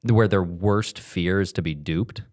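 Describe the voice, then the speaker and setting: Low-voiced young man, halting banter. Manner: animated, halting, swearing banter. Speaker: podcast co-host. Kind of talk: casual comedic chat.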